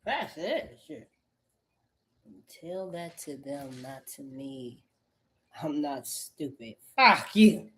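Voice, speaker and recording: A woman's voice: sits low, slow, long pauses, a little mellow, a little hiss or hum. A woman talking in an agitated, profane, repetitive rambling way. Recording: echoey room.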